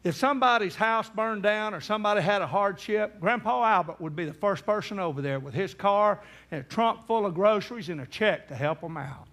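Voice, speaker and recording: A middle-aged man preaches in a voice pitched well above most men. He tells a story and acts out the people in it, his voice climbing toward a cry at the emotional peaks. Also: lively intonation, fairly quick, hardly any pauses. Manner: acts out quoted voices, rising to near-shouts in emotional peaks. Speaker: evangelist. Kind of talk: sermon storytelling.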